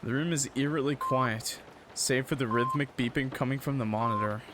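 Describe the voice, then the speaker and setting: Over a noisy background, a young man with a mid-range voice streams a visual novel at a moderate pace. He reads the story aloud dramatically, then breaks off for casual jokes.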